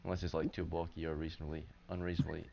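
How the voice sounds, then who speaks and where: Game master, male, very low voice, loose rambling narration, dull lo-fi stream audio with faint hiss. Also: level tone, rapid-fire, vocal fry, dark tone. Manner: loose, filler-heavy narration with frequent "right?" check-ins.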